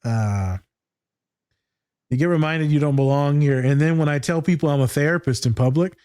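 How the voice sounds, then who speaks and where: A man who hosts a podcast and works as a therapist, ranting in animated, profane casual chat. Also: on the high side, moderate pace, clear, resonant tone, dry recording.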